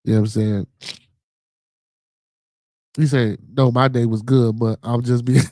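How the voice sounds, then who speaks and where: Animated Chicago man hosting a podcast. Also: mid-range voice, a little slow, long pauses, no room sound, clean studio sound. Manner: animated, profane, reacts to live chat comments. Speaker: podcast host. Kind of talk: casual live-stream chat.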